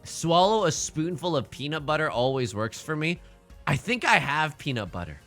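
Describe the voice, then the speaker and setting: A man streaming a tile game, talking through his moves in an animated, jokey way. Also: on the high side, normal speed, soft background music. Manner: animated, jokey, self-narrating. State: hiccuping. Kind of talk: live game stream commentary.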